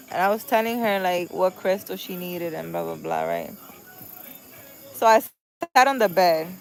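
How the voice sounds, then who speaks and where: A woman's voice: mid-range voice, low-quality recording. A young woman, a spiritual healer, telling a story in a casual, chatty way. She repeats her phrases and acts out the voices in her retelling. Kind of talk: casual late-night storytelling.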